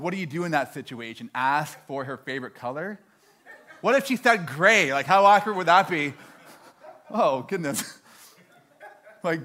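A young man from Canada telling a stand-up story, animated and self-mocking, acting out his own dialogue. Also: a little high. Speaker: stand-up comedian.

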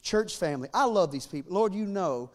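A man in his forties delivers a church sermon in a notably high voice. He banters with the congregation and then climbs into loud, fervent declarations of faith. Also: expressive, a little fast. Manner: humorous asides to the congregation. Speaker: pastor.

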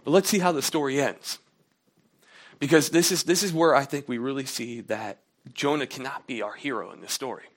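A man preaching a sermon in a casual, conversational way, acting out quotes in a raised voice. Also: fairly quick. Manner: conversational preaching, acts out quotes with rising pitch. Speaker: pastor.

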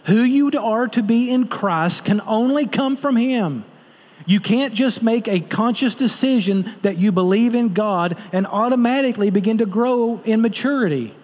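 A man with a high voice delivers a sermon, earnest and direct, often turning to rhetorical questions. His voice carries a long reverb, as in a large hall. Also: moderate pace, a little mellow. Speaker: pastor.

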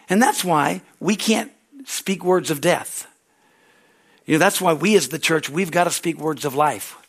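A middle-aged male pastor preaching a sermon, telling a story with swings from quiet asides to shouted peaks. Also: fairly high pitch.

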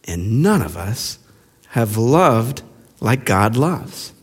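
A male pastor preaching a sermon with passion, firing rhetorical questions and dropping to hushed lines. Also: medium pitch, sing-song, drawn-out words, slightly rough. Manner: impassioned, with rhetorical questions and sudden hushed drops. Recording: long reverb of a large hall.

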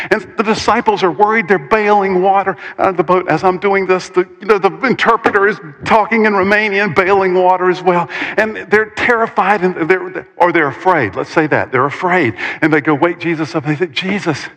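A man preaching a sermon, retelling a story with animated, dramatic delivery and pauses. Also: fairly high pitch, long reverb tail.

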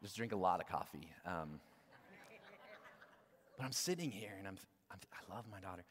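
A man in his thirties, a guest pastor preaching a sermon in a casual, conversational way that swings between loud emphasis and hushed, near-whispered moments. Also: sits low, lively intonation, normal speed. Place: church hall. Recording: long reverb of a large hall.

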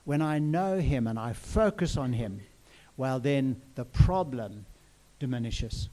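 A man preaching in an earnest, personal way. His voice is warm and mellow, at a middle pitch for a man. He often repeats his phrases and turns to the listeners with questions. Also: expressive, slow. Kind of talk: sermon.

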